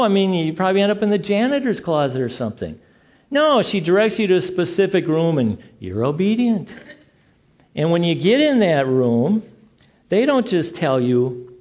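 Middle-aged guy preaching, bit high voice, acts out the dialogue in his stories. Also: moderate pace. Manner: animated storytelling, acts out dialogue. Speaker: pastor. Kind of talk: sermon.

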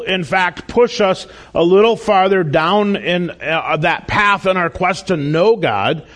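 A man delivering a sermon as a pastor in a church, earnest and emphatic, with asides and bits of self-deprecating humor. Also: high-pitched.

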